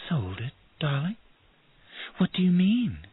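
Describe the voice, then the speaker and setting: A cool, disdainful young woman, as a male reader puts her on, lifted well above his own voice into a thin, husky tone. The sound is dry and tinny, like a phone line. She is polite on the surface, with a hard edge underneath. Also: fairly high pitch, wildly swooping pitch, a little slow, voice pushed up, heavily acted. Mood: cold. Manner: sugary then icy, hard.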